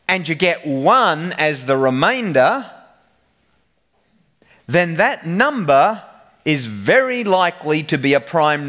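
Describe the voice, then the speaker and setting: A man's voice: a little high, pushed and bright. A man giving a humorous technical conference presentation, telling the story like a joking storyteller. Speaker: conference speaker.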